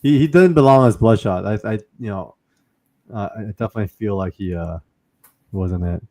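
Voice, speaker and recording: A man's voice: lowish voice, moderate pace, warm tone. A man hosting a casual chat, asking questions and joking with his guests. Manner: asks questions, jokey and laughing.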